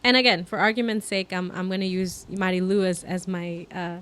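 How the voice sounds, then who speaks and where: A woman's voice: lowish voice, brisk, clean tone. Chatty woman telling an embarrassing story. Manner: animated storyteller, acts out quoted dialogue, many "like" fillers. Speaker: podcast co-host. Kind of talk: casual storytelling chat.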